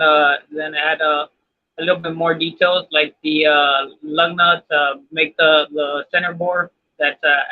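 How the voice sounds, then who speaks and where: A man from Texas talking as a guest in a casual live video chat, rambling with lots of fillers. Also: fairly high pitch. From Texas, USA. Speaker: guest modeller. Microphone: video call. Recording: dull lo-fi video call.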